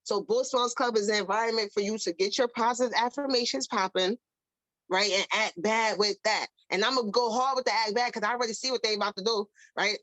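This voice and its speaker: A woman, hosting an emphatic, animated motivational talk. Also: fairly high pitch, brisk, no echo, low-quality recording. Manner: animated, emphatic, repeats herself. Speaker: podcast host.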